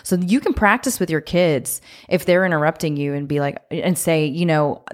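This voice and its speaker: Frank, fairly low-voiced woman co-host. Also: moderate pace, few pauses. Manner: frank and direct, a naturally loud talker. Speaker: podcast co-host. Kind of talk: casual conversational podcast.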